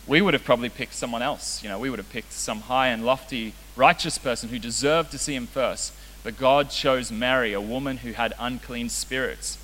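A young man working as a youth pastor preaches a casual sermon, joking and self-deprecating throughout. His mid-range voice is a bit bright and moves at normal speed. The recording has the echo of a reverberant hall with faint hiss.

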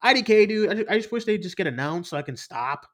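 A man co-hosting a podcast in casual pop-culture chat, animated and swearing, often laughing as he retells scenes. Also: high voice, fast talker. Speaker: podcast co-host.

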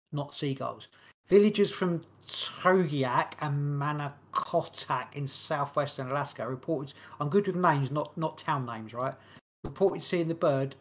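A man's voice: a little high, fairly bright tone. Rambling, jokey man on a podcast. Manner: rambling, jokey, stumbles over names. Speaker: podcast co-host. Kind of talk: casual chat.

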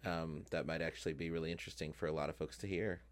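A man with a very low, deep voice hosts a casual podcast chat. He talks freely with lots of "um"s and laughs often as he goes. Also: fairly even intonation, quick pace. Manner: chatty, many fillers, laughs often. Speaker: podcast host and drag performer.

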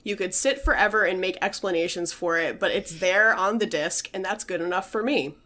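A podcast co-host shares a ghost story in a casual, chatty way, packed with fillers and with quotes read out. Her mid-range voice is fairly bright, and she goes a little fast.

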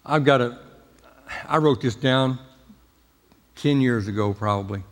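A man's voice: medium pitch, a little slow, long reverb tail. A man preaching a sermon as pastor, talking in a folksy, emphatic way with jokes. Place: church sanctuary.

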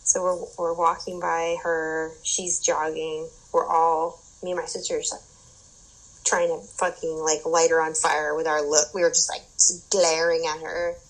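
A young adult woman telling an animated story in casual chat, with lots of fillers and swearing. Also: low voice, moderate pace, low-quality recording.

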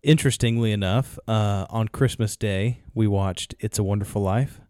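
A man's voice: lowish voice, moderate pace, darkish tone, smooth, no echo, clean studio sound. A man co-hosting a podcast, casually retelling a film's story with fillers. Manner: storytelling, retelling films with acted quotes. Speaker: podcast co-host. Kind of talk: casual chat.

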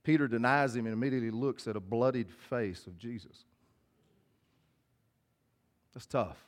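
A man's voice: medium pitch, moderate pace. A male pastor giving a casual, direct sermon, reading scripture aloud and then explaining it to listeners. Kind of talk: conversational sermon.

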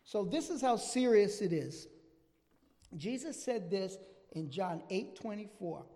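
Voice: mid-range voice, lively intonation, unhurried, mellow, big-room sound. A preacher giving a sermon with emphatic, repeated phrases, often checking in with listeners.

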